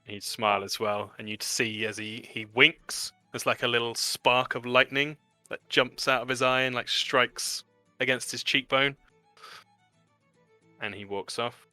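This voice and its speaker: A man's voice: mid-range voice, fairly even intonation, a little slow, sharp tone, no echo, faint music behind. A man narrating and voicing characters as game master of a tabletop game.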